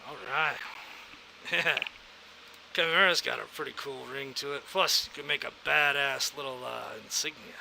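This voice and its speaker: A man's voice: mid-range voice, normal speed, gravelly, pushed and bright, a little hiss or hum, rough recording. A man in casual in-character role-play as a veteran contact, easygoing and fatherly.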